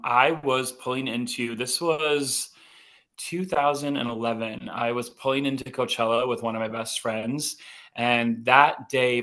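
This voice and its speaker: Chatty male podcast guest in his thirties, light North Dakota vowels, mid-pitched, upbeat storyteller. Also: bright, forceful tone. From North Dakota, USA. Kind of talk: casual interview chat.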